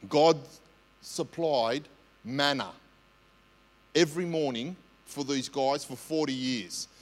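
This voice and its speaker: A man with an Australian accent, a senior pastor telling stories in a lively, conversational sermon, often asking "right?". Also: fairly high pitch. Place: church. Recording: long church hall reverb.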